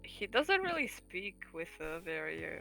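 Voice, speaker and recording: Woman on a stream, bright sharp voice, pushy and teasing, faint music behind. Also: lowish voice, very animated, normal speed, gravelly, low-quality recording. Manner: insistent, egging others on. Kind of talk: casual chat on a livestream.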